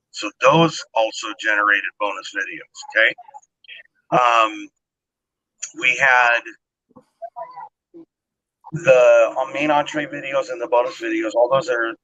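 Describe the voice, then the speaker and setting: A man's voice: medium pitch, pushed and bright, no room sound, highs cut off. A man hosting a casual cooking livestream, explaining the rules at length and checking in with "okay?". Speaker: host of a cooking channel event.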